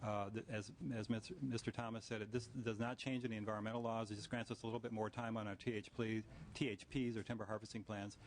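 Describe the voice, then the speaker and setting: A man testifies briefly for his company at a hearing, speaking fast in a flat, plain-spoken way. A faint noise sits behind him. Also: on the low side. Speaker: timber company witness.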